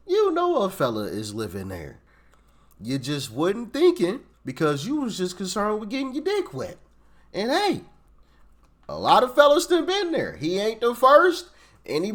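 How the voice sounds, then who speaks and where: Animated high-voiced man reacting. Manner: animated slangy reaction, repeats himself. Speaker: show host reacting to a story. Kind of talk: casual commentary.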